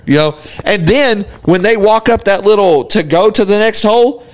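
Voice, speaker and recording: A man's voice: sits high, normal speed. A man co-hosting a podcast, telling a story in casual chat, laughing and swearing freely. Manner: animated, laughs hard while telling stories, swears. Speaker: podcast co-host.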